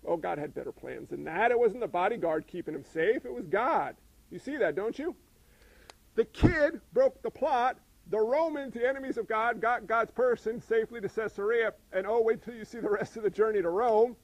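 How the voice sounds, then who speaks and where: High-voiced male pastor preaching. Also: normal speed, vocal fry, a little hiss or hum, poor audio. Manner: animated, asks the congregation questions. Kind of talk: sermon.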